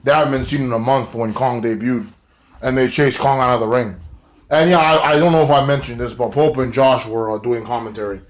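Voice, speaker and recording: A man's voice: medium pitch, steady tone, a little fast. Rambling casual wrestling reviewer man. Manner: rambling, many fillers, swearing. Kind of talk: casual recap vlog.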